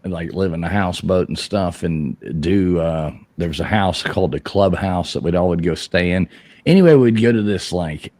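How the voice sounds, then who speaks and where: A middle-aged man telling a rambling, profane story on a live show, laughing as he goes and shouting out the lines he quotes. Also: low voice, no echo. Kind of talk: casual live-stream storytelling.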